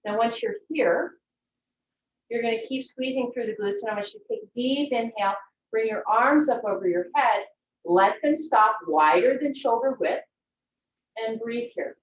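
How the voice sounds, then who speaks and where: A woman teaching a yoga class from home, giving gentle, encouraging instructions. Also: fairly high pitch, normal speed, slight background noise. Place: her home. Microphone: video call from a distance. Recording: echoey, distant, dull video-call audio.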